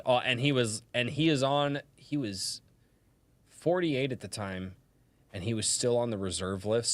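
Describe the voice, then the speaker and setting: A man hosting a casual podcast, telling stories in an animated, profane way and acting out quotes. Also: on the low side. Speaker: podcast host.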